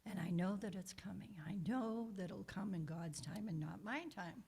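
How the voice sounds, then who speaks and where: An older woman, a guest minister, telling a personal story in a conversational sermon, with soft asides and frequent restarts. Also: medium pitch, moderate pace, creaky, husky. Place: church.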